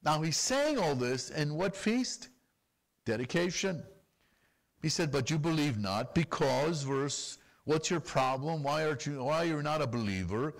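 A man preaching a sermon as pastor, animated and full of rapid rhetorical questions. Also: a little high, creaky.

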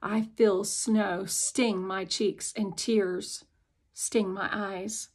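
A woman reads a novel aloud in the first person, taking the voice of a young girl. Her pitch is mid-range, and her pace is slow and unhurried. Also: level tone. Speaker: audiobook narrator. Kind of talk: first-person audiobook narration.

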